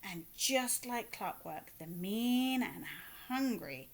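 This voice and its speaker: A woman reads a children's picture book aloud at a slow, careful pace. Her voice sits in a middle pitch, and she pauses for asides to her young listeners. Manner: slow, expressive read-aloud with asides to kids. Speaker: children's story reader.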